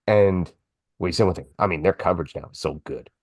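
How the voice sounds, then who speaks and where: A man's voice: sits low, fast talker, darkish tone, dry recording. A man hosting a podcast, chatting in a casual, enthusiastic and rambling way. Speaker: podcast host. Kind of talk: casual interview chat. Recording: dry close sound.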